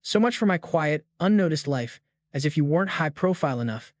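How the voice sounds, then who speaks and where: A man's voice: on the high side, animated, fairly quick, no echo, clean studio sound, lightly acted. A man reading the lines of a weary, reluctant young male sorcerer who complains about attention.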